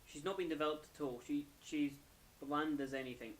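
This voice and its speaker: A man's voice: on the high side, brisk, a little hiss or hum. A young man, tired and yawning, casually reviewing an anime episode in a rambling, self-correcting way.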